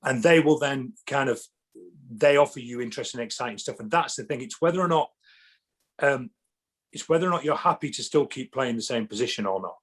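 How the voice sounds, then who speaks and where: A man guesting on a podcast in casual chat, telling animated stories and acting out what people said. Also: medium pitch, a little fast, husky. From England. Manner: animated storyteller, acts out quotes, many restarts.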